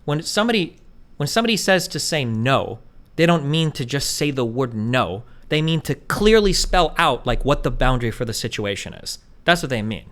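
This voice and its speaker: A man's voice: mid-range voice, sing-song, normal speed, a bit bright. A man hosting a stream, arguing heatedly and profanely in a casual debate, talking over the other speaker. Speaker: streamer host.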